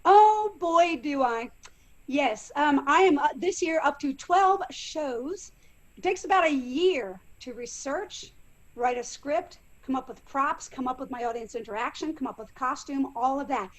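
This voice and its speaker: Animated high-voiced woman actress. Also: normal speed. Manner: animated, acts out quotes and accents. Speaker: actress and living history performer. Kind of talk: virtual Q&A interview answers.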